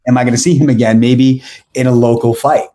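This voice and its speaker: A man's voice: mid-range voice, a little fast. A man in his forties, a podcast guest, telling a long rambling story and often correcting himself. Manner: rambling, self-correcting, animated anecdotes. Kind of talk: casual storytelling.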